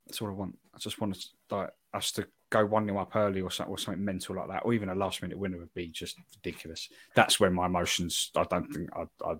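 A man's voice: low-pitched, little pitch movement, quick pace, few pauses, a bit bright, slightly rough. A young man from England, a podcast co-host, talking in a gushing, emotional way and repeating himself. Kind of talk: casual chat.

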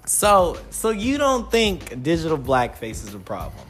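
A man's voice: on the high side, huge pitch swings, measured pace, fairly bright tone, soft background music. A young man hosting a casual comedic podcast chat with his mother, joking and slipping into mocking voices. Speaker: podcast host.

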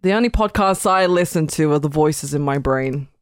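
A woman co-hosting a podcast in casual chat, excitable, laughing often and swearing. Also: deep voice, moderate pace, no echo. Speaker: podcast co-host.

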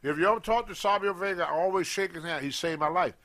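Older male guest, lively storyteller, acts out voices. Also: high voice, fast talker. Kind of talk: storytelling in a podcast interview.

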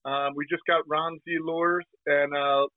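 A man's voice: a little high, little pitch movement, dry recording. Brash man on a tinny phone line. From New Jersey. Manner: brash, slangy, talks in quick bursts. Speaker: guest, fishing TV host. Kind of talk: casual interview.

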